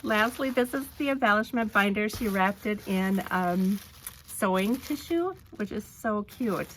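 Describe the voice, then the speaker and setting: A woman vlogger narrating an unboxing, gushing with delight and often pausing with ums. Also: mid-range voice, lively intonation, a bit bright, slight background noise. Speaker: crafting vlogger.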